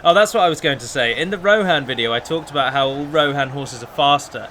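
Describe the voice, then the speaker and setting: A man's voice: on the high side, fast, sharp tone, a little hiss or hum. A man hosting a let's play, chatting through a strategy battle and breaking down unit stats in a casual, analytical way. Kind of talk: casual gameplay commentary.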